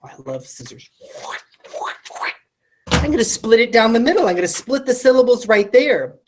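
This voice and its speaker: A teacher sounding out words for kids. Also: female voice, fairly high pitch, big pitch swings, background noise. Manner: talks straight to the student, asking quick questions; sounds words out slowly, syllable by syllable. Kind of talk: recorded phonics lesson for children.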